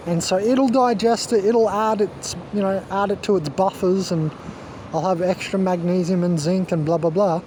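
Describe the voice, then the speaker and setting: A man holds forth in a rambling monologue, sure of himself and a little preachy, his voice sitting slightly high but sounding warm and relaxed. He talks outdoors, with a faint hum of traffic behind him. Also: normal speed. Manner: emphatic, self-assured, preachy. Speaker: wellness vlogger.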